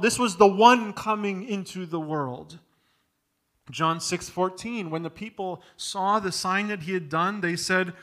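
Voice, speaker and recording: High-voiced man preaching with rising intensity. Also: unhurried. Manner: builds to loud emphatic peaks, drops low for contrast. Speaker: pastor. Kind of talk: sermon.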